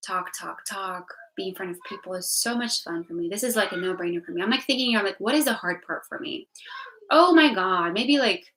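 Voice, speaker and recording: A young woman talks straight to her viewers in a loose, rambling livestream update. Her talk is full of "like" and "you know", and she swears now and then without a second thought. Her voice sits at a middle pitch. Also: a little fast, few pauses, a bit bright, a little hiss or hum, rough recording. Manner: rambling, frank, with filler "like" and swearing. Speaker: vlogger.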